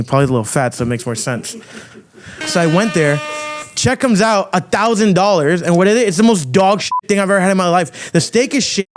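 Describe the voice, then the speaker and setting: A man hosting a podcast, delivering a loud, crude, provocative rant full of swearing. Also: high-pitched, background noise. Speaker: podcast host. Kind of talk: ranting monologue.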